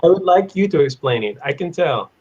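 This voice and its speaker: A man teaching an online English class on idioms, playful, laughing often and repeating phrases slowly. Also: on the high side, lively intonation, a little mellow, lo-fi sound, slight background noise. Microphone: video call.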